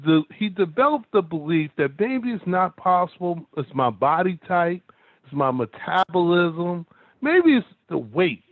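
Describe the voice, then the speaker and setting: A man's voice: high voice, sing-song, a little slow, no echo. A man giving an emphatic motivational talk to an online audience, telling stories and asking "guess what" again and again. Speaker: motivational speaker. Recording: dry, narrow phone-like sound.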